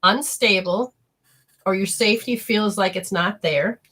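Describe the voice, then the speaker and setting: A woman hosting a live call-in spiritual reading, effusive and prone to high excited exclamations. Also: a little slow, husky. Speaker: spiritual reader and show host.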